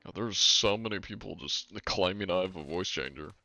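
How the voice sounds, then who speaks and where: Brief: deep-voiced male game streamer, relaxed and dry, casual about cursing. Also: moderate pace, no echo. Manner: laid-back, wry, swears casually. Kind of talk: casual live-stream chat.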